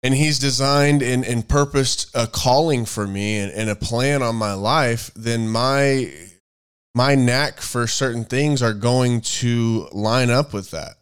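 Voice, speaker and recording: A man co-hosting a casual faith-based chat, rambling and thinking out loud as he searches for words. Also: medium pitch, slow pace, clean tone. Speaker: podcast co-host.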